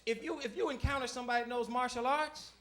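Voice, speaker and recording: A man's voice: very high-pitched, quick pace, background noise. A man doing a stand-up set on a club stage, telling stories and slipping into family voices. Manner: animated storytelling, shifting into voices for family. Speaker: stand-up comedian. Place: comedy club stage with audience. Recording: live club recording with loud audience.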